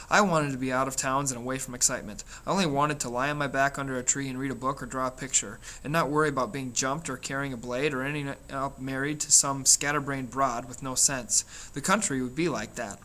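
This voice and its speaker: Bright-voiced man reading a novel aloud. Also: mid-range voice, steady tone, a little fast. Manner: plain storytelling with small slips and restarts. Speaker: reader.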